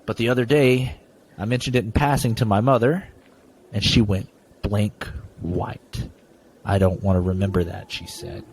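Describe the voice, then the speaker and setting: A man's voice: lowish voice, moderate pace, husky. A man hosting a podcast who chats casually and reads a story aloud, often stumbling and repeating words. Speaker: podcast host. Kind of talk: casual chat and story reading.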